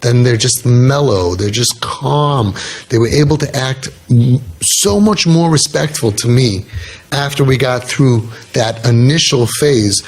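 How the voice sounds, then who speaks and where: A man's voice: medium pitch, measured pace, a little mellow. Middle aged guy telling stories in a talk, earnest, keeps repeating the big points for emphasis. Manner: emphatic, repeats key phrases, acts out quoted voices. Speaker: community youth mentor giving a talk.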